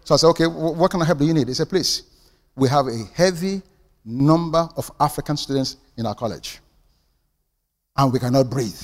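An older man preaching a sermon, telling stories and swinging from hushed asides to loud punchlines. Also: on the high side, a little fast. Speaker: pastor. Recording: long hall reverb.

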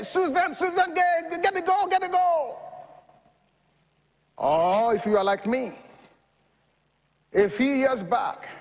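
A high-voiced male preacher who delivers his sermon slowly and deliberately, his pitch leaping up and down as he goes. He moves from hushed scripture reading to bursts of shouting. A long hall reverb trails after each phrase. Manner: lively preaching that swings from quiet reading to loud shouting.

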